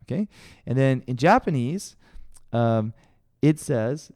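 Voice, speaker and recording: A Canadian man co-hosting a podcast tells stories in a casual chat, animated and laughing often as he acts out quoted voices. His mid-range voice takes things slowly, recorded in clean studio sound without echo.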